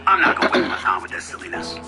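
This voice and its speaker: A man in his fifties, a sports commentator, delivering an impassioned, combative monologue with emphatic repeated questions that climb up high. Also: very animated, racing, over music, low-quality recording. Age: 50s.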